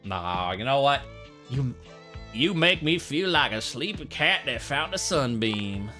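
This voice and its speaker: Brief: a playful male let's-play host, animated and bright. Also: mid-range voice, unhurried. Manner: joking, playful, talks back to characters. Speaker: gameplay commentator. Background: faint game music.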